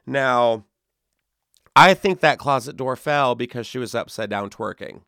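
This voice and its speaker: Joking podcast guy with a smooth voice. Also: unhurried, bright, forceful tone, dry recording, clean studio sound. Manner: playful, jokey, jumps into squeaky high voices for gags. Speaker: podcast co-host. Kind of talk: comedic podcast chat.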